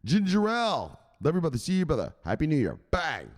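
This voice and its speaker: Man, stream host, casual profane banter, high lively voice, echoey room. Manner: profane, laughing, quick loose banter. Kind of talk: casual livestream shoutouts.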